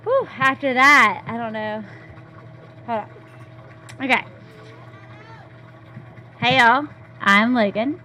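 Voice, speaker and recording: A woman starts her toast with relaxed, chatty remarks. She speaks very slowly, and her voice is bright and clear. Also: a little high, slight background noise, poor audio. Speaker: friend giving a toast.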